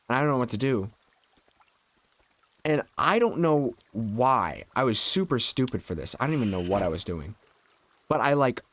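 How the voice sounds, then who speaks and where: A man's voice: mid-range voice, no echo. A young adult man streaming a video game, chatting casually and rambling through a childhood story with lots of filler words. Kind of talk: casual storytelling while gaming.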